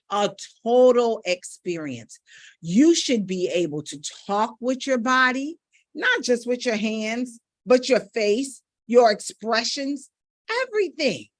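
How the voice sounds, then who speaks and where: Animated middle-aged woman vocal coach. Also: fairly high pitch, dry recording, studio quality. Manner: emphatic, animated, demonstrative. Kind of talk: energetic teaching talk.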